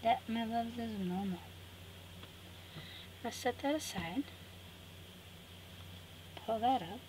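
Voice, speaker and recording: A woman's voice: on the high side, slow, darkish tone, low-quality recording. A woman hosting a craft tutorial, chatting to viewers and talking herself through the steps with cheerful asides. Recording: clear background noise.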